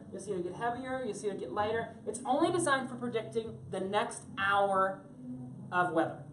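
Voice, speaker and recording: A woman's voice: mid-range voice, background noise. Chatty woman in an echoey room. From Florida, USA. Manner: chatty, joking, animated. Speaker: tech presenter. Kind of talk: live talk to an audience. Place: room on a cruise ship.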